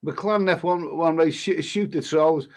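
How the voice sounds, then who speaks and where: A man, a travel vlogger, casually reading viewer comments aloud and answering them in a halting way with many restarts. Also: a little high, a little mellow. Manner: halting, frequent restarts, reads comments aloud then replies. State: coughing now and then. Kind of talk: casual live-stream chat.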